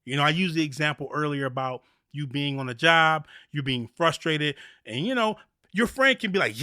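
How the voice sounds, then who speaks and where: Animated, high-voiced motivational man. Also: moderate pace, no room sound, studio quality. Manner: animated, preachy, repeats phrases. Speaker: podcast host. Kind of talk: motivational faith talk.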